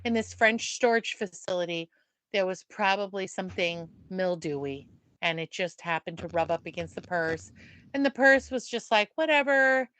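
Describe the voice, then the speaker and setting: A woman co-hosting a podcast in casual chat, a playful and animated storyteller. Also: fairly low pitch, normal speed, slight background noise. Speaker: podcast co-host.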